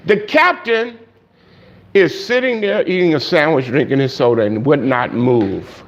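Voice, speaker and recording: A man preaching a sermon, telling a story and acting out the voices of its people, growing loud and high at its peaks. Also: lively intonation, a little slow, long pauses. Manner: storytelling, acts out quoted voices, rising loud and high at climaxes. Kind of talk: sermon illustration. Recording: dull lo-fi sound.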